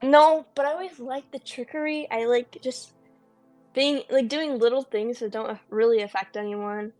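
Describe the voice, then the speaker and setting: A woman's voice: fairly high pitch, steady tone, normal speed, a little mellow, soft background music. A woman co-hosting a casual film podcast, talking eagerly with lots of ums. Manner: enthusiastic, chatty, lots of ums. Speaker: podcast co-host.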